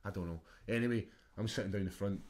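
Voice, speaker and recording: A Scottish man chatting as a podcast guest, telling stories in an animated way, with plenty of swearing and laughter. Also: fairly low pitch, fast talker. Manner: animated, swearing storyteller who laughs often. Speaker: guest, mixed martial arts fighter. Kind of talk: casual chat.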